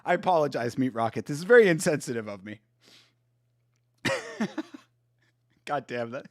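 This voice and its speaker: Talking fast in a mid-range voice full of lively intonation, a man hosts a casual live stream and chats with his viewers. He laughs frequently and apologizes each time, and the audio is studio quality with no room sound.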